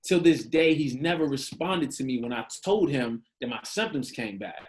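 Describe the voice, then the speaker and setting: A man's voice: medium pitch, normal speed. Man telling his story, casual slang. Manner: animated, acts out quoted dialogue, casual slang. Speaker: podcast guest. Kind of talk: candid storytelling in an interview.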